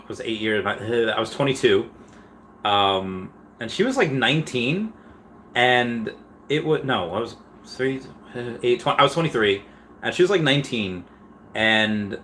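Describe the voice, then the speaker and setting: A man in his thirties chats his way through a live stream at a mid pitch. He reads viewer messages aloud and rambles loosely from one topic to the next. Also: fairly bright tone, slight background noise. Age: 30s. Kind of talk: casual live-stream chat.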